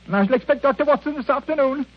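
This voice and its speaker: A man's voice: extremely high pitch, racing. An actor playing a self-pitying, miserly old man who grumbles and whines, in 1940s radio acting style. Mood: whining. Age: older. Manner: whining, grumbling. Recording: dull old radio recording, faint hiss.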